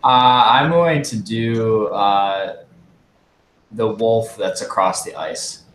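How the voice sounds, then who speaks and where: A man's voice: fairly low pitch, slow pace, a bit bright. A man playing a tabletop game, announcing his moves in a hesitant, casual way. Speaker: player. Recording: echoey room with faint noise.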